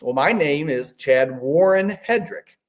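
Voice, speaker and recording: A man's voice: on the high side, unhurried. A man in his fifties telling a story as a podcast guest, rambling with frequent restarts. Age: 50s. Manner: rambling, animated, many restarts. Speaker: podcast guest, business owner. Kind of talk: casual storytelling.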